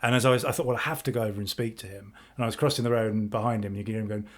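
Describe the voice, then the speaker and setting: A man co-hosting a podcast over a video call, chatting in a relaxed, rambling way with many fillers. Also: fairly low pitch, racing, hardly any pauses. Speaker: podcast co-host. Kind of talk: casual chat.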